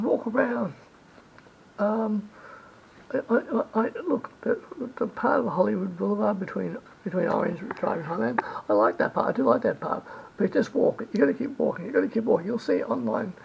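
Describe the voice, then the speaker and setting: A man with a high, heavily gravelly voice rambles through travel tips, circling back and restarting his sentences. The recording is dull and lo-fi, with a faint rumble underneath. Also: a little mellow. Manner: rambling, repeats himself, self-corrects. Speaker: travel vlogger. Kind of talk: rambling travel advice monologue.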